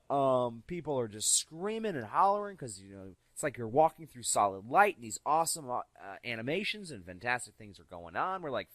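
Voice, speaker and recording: A man spins anecdotes on a casual podcast, his pitch swinging widely as he acts out the voices of the people in his stories. His tone is bright and forward. The recording is close and dry. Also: dry recording. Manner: animated, acts out quoted voices. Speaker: podcast regular telling stories. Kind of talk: casual storytelling.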